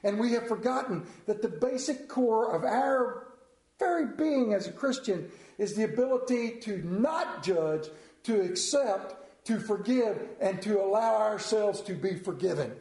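A man's voice: sits high, lively intonation, unhurried, darkish tone, echoey room, rough recording. A middle-aged male pastor preaching a sermon, telling stories with self-mocking humor.

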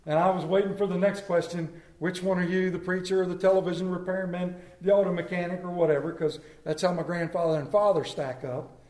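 A high-voiced man preaches in a church sanctuary, mixing scripture with humorous stories that poke fun at himself. His voice rings through a roomy, echoey hall. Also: flat delivery, brisk, darkish tone. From Maryland. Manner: storytelling, self-mocking humor. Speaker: pastor. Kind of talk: sermon.

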